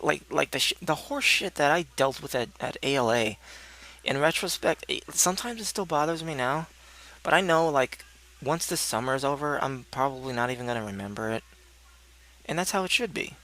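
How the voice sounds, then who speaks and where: A man's voice: medium pitch, sharp tone. A young man in a casual, rambling monologue, answering questions in a sardonic tone and swearing freely. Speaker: video blogger answering questions.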